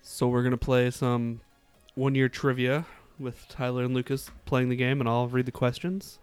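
A man co-hosting a podcast, easygoing with quick quips in casual chat. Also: mid-range voice, level tone, clean tone, no echo, faint music behind. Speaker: podcast co-host.

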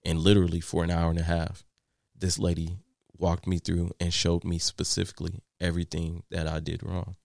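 A man's voice: deep voice, normal speed, vocal fry, dry recording, clean studio sound. A man, a landscaping business owner, telling candid stories in an interview with lots of fillers and restarts. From Texas. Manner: candid, animated storyteller with many fillers and restarts. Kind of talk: interview storytelling.

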